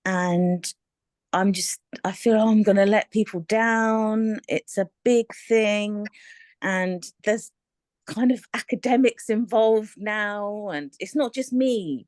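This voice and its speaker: A woman, talking candidly and in a rambling, animated way on a coaching call, often laughing. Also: mid-range voice, takes it slowly, no room sound. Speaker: aspiring author on a coaching call. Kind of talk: candid casual chat.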